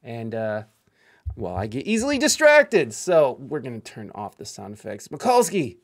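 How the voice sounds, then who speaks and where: A man from Ohio hosting a casual live-stream interview, talking fast and rambling with lots of fillers. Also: medium pitch, wildly swooping pitch. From Ohio, United States. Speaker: podcast host.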